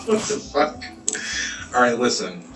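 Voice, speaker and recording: A man deadpanning through a comedic interview, pressing his guest with questions. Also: mid-range voice. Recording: roomy, distant, under game music.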